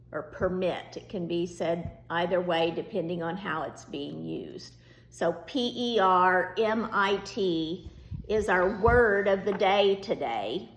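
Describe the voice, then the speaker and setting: Slow, patient woman teacher in an echoey room. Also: mid-range voice. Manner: slow, patient, reassuring explanations. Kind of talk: virtual class lesson to young students.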